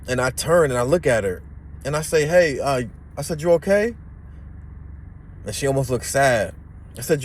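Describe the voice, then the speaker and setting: A young man tells a personal story in a relaxed, casual way and slips into the voices of the people he met. His voice sits at an average pitch, and faint traffic noise hums in the background. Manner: animated, acts out voices in the story.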